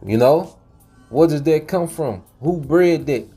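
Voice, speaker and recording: Preachy man with a dark mellow voice. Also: on the high side, a little slow, husky, soft background music. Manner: preachy, repeats "man" and "okay"; frequent laughs and fillers. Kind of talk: casual monologue.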